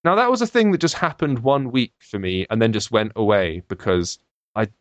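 Chatty guy, lively voice. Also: lowish voice, normal speed, no echo. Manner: chatty, jokey, rambling lists. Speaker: podcast host. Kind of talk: casual chat.

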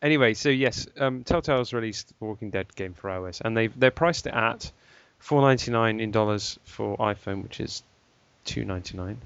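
A man's voice: lowish voice, brisk, vocal fry, fairly bright tone, clean tone, no room sound. A man hosting a podcast in rambling casual chat, laughing often. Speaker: podcast host. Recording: dull lo-fi podcast sound.

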